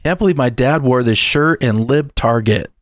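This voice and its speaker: A man's voice: medium pitch, normal speed, no room sound, clean studio sound. A man hosting a reaction channel, making joking, sarcastic asides between clips. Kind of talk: casual commentary.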